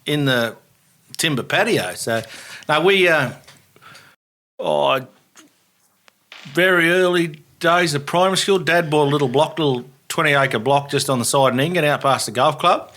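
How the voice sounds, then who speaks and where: A man's voice: fairly high pitch, normal speed, bright, forceful tone. An Australian man telling fishing stories as a podcast guest, laughing and swearing as he talks. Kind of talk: casual chat, fishing yarns.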